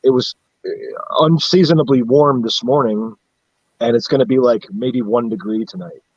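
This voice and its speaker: A husky-voiced man from central upstate New York chats on a live stream, rambling through stories full of swearing and laughing at himself. His voice sits in a middle pitch. The sound is dry and a little dull, like a lo-fi stream mic. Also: normal speed, dry recording. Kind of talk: casual chat.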